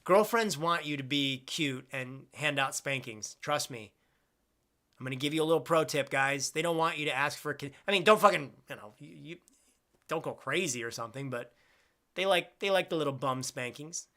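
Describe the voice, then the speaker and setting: A man's voice: fairly high pitch, normal speed, sharp tone. A young man hosting a casual live-stream chat, rambling with crude jokes and loose tangents.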